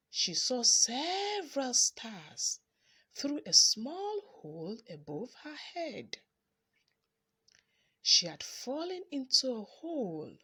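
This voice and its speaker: A woman reading a children's story aloud in an expressive, dramatic storytelling manner. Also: on the high side, husky.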